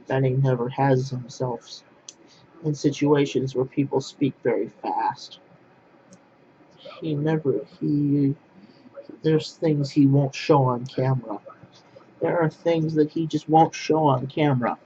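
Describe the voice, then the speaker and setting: A man's voice: medium pitch, fairly even intonation, slow pace, mellow, dull audio, slight background noise. Blunt, repetitive man ranting on a webcam. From Poland. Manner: blunt, repetitive, restarts phrases. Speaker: vlogger. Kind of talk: casual ranting monologue to camera.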